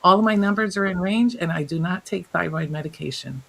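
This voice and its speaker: A woman guest, a health coach, telling stories in an interview, animated and laughing often as she acts out what others said. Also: lowish voice, fairly quick, vocal fry, poor audio. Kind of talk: storytelling in an interview.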